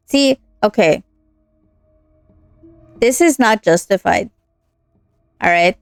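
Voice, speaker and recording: A woman's voice: mid-range voice, expressive, takes it slowly, long pauses, dry recording, faint music behind. Ranting young woman game streamer. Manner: ranting, earnest, with laughs and many fillers. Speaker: streamer playing a visual novel. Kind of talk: casual gameplay commentary.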